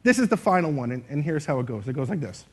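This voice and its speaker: A man with a slightly husky voice plays host to a live audience, walking them through a speaking activity on stage. Very animated and fast, he acts out lines in different tones with wide pitch swings, playfully shifting his voice to show expression.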